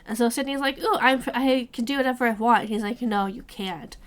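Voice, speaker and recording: Casting: a fairly high-voiced woman who hosts a book club and retells the chapters with lively quoted dialogue. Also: brisk. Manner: animated retelling with quoted lines and swearing. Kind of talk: casual book club chat, recapping chapters.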